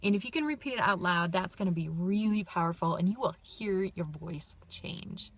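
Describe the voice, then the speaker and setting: A middle-aged woman giving casual, upbeat advice straight to camera, chatty and full of asides and quick "right?" tags. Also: lowish voice, expressive. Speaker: vlogger giving life tips.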